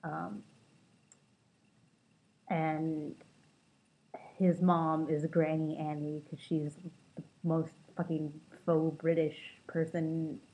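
A woman's voice: deep voice, level tone, drawn-out words, pauses often, mellow. A woman of twenty-two from Los Angeles, chatting casually to camera as she reads out prompts and adds dry, self-mocking asides. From Los Angeles, California. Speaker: vlogger. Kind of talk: casual accent-tag vlog, reading prompts aloud. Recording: tinny phone-like lo-fi sound.

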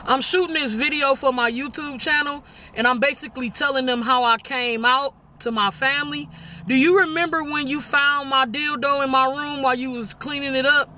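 A young woman with a bright, forceful voice tells a story in a relaxed, chatty way, calling out to her viewers as y'all and laughing along. She talks between bites of food, sounding like she is sitting in a car. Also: sits high, moderate pace, slight background noise. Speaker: vlogger host. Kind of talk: casual storytelling while eating.

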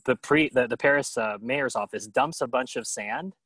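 A man's voice: medium pitch, moderate pace, a bit bright, slightly rough, dry recording. A man hosting a casual question session, telling a travel story in a chatty way with fillers and restarts. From United States. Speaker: host of a moving-abroad Q&A event.

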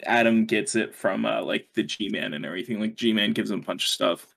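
A man's voice: lowish voice, fairly quick, creaky, a bit bright. Rambling young man, casual chat. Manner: rambling, laughs often, swears casually. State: hiccuping. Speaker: podcast co-host.

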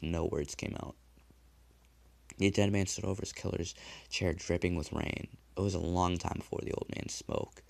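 A man narrating a dark horror story in a measured, hushed delivery. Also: sits low, vocal fry, no echo. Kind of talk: dramatic horror story reading.

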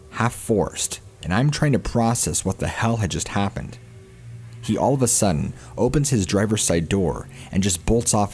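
A man narrating a first-person horror encounter story in a steady, scripted storytelling delivery. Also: lowish voice.

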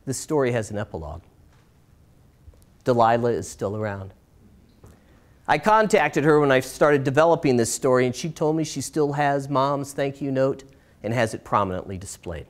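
Performing a personal story before a live audience, a middle-aged man uses a mid-range voice with lively intonation. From a stage in a small performance space, he moves from bright, lifted stretches to hushed, slower ones and relies heavily on dramatic pauses.

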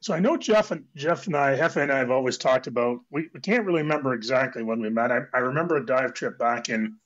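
A man with a cold, hoarse and chatting casually as a guest on a diving round table, rambling and restarting his phrases. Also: medium pitch, fast. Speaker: guest technical diver. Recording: dull lo-fi audio.

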